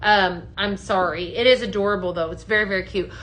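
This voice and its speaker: A woman's voice: mid-range voice, fairly even intonation, brisk, a bit bright. Bubbly woman selling on a live stream. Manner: bubbly, gushing, repeats "just saying" and "right?". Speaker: direct-sales consultant hosting a live product show. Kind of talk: upbeat live sales chat, reading viewer comments.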